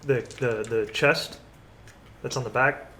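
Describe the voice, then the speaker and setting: A man's voice: medium pitch, steady tone, a little slow, pushed and bright, a little hiss or hum. A man narrating a tabletop game as game master in a casual way.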